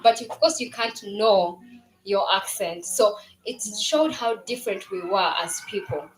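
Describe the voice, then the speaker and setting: Animated woman addressing an audience. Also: a little slow, slight background noise. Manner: animated, quotes herself in raised pitch. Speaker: founder speaking at a product launch. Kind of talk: speech to a live audience. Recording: echoey hall with faint music.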